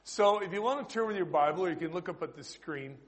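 A middle-aged man with a Canadian accent, preaching a sermon as an Anglican priest and prison chaplain, chatty and lively, swinging between loud bursts and quiet asides. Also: sits high, fast talker. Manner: lively, conversational preaching with sudden loud bursts and soft drops.

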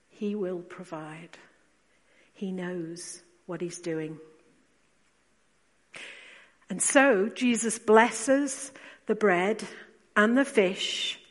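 A woman preacher giving a sermon, speaking slowly and with emphasis, asking rhetorical questions and dropping to quiet asides. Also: mid-range voice. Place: church. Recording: long church reverb.

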